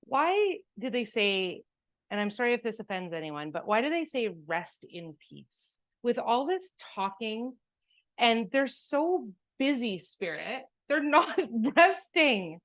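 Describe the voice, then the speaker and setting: A woman's voice: a little high, big pitch swings, unhurried, dry recording. A woman co-hosting a casual chat at home, agreeable and chatty while she cooks. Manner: agreeable, chatty, giggly asides. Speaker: co-host. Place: home kitchen.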